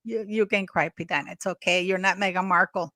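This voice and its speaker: A woman's voice: fairly low pitch, fairly even intonation, fairly quick, pushed and bright, no echo. A woman hosting a casual livestream, rambling and chatty with many restarts, thanking donors effusively. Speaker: livestream host.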